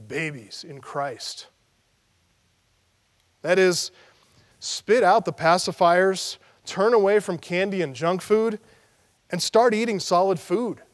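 Man, pastor, sermon, emphatic, repeats points, high-pitched, reverberant hall. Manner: emphatic, repeats key phrases.

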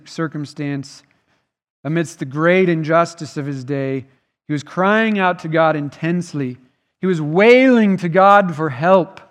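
A man preaching a sermon as pastor, earnest and emphatic, his voice swelling and dropping in volume. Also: fairly high pitch. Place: church sanctuary. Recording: long reverb of a church hall.

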